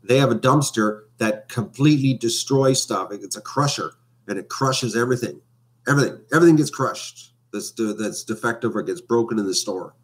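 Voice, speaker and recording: A man's voice: medium pitch, fairly quick. A man chatting casually on a home live stream, rambling and hesitant with many fillers. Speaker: vlogger. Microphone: webcam.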